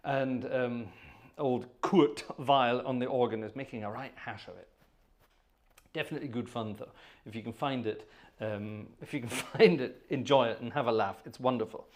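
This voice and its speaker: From his home, where his family is nearby, a man hosts a live-streamed organ concert, chatting and joking casually between pieces and rambling with lots of ums. His voice is medium-pitched and a little mellow, at normal speed.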